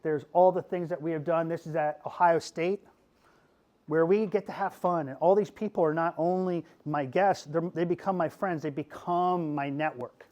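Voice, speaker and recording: At a moderate pace and a slightly high pitch, a middle-aged Pennsylvania man who hosts a podcast leads a lively classroom talk. His style is goofy and animated, with regular "okay?" check-ins.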